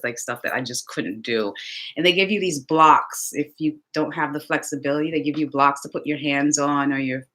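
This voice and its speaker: Chatty woman vlogger, lowish voice. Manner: chatty, animated storytelling with laughs. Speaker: lifestyle vlogger. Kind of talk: casual chat to viewers.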